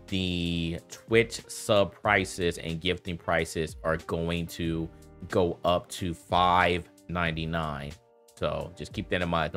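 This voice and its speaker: A man chatting casually on a livestream, animated and prone to repeating himself. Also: sits low. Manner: animated, repeats himself, quick bursts of laughter. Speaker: streamer.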